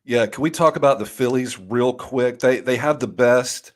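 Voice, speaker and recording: A man's voice: medium pitch, normal speed. Jokey man co-hosting a podcast. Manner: jokey and animated, repeats words when starting. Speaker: podcast co-host. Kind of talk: casual chat.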